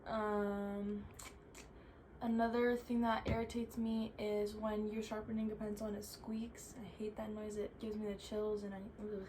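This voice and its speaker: A woman's voice: mid-range voice, noisy background. A young woman answering viewer questions in casual chat, chatty and full of "like" fillers. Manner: chatty, filler-heavy with frequent "like".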